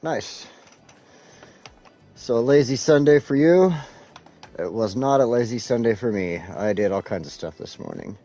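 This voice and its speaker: A man chats loosely to his stream audience, swearing and trailing off while he clicks through menus. His lowish voice swings up and down a lot. Faint music plays underneath. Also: creaky, warm tone. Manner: rambling, profane, talks to chat while clicking around. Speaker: live-streaming gamer. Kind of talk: casual live-stream chat. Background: faint background music.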